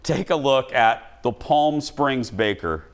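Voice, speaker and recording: A man hosting a studio talk show, animated and jokey as he chats in front of a live audience. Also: medium pitch, slow.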